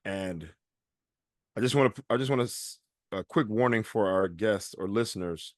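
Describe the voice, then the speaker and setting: A man's voice: lowish voice, moderate pace, no echo. Dry-sounding male podcast storyteller. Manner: animated storyteller acting out quoted people. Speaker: podcast co-host. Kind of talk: casual storytelling chat.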